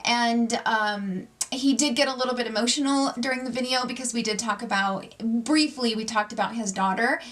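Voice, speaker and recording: A woman in her forties talks straight to camera on her own channel, chatty and openly nervous. Her voice sits a little high. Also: moderate pace, few pauses. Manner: chatty, self-described loud, nervous. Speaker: YouTube channel host. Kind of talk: casual chat to camera.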